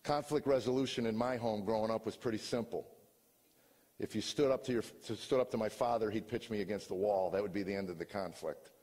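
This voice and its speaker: A man's voice: lowish voice, brisk. Older man telling his story in a hall. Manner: earnest storytelling that rises into loud exasperation. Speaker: comedian giving a personal testimony. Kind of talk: confessional stage monologue. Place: stage before a live audience in a large hall. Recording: long hall reverb.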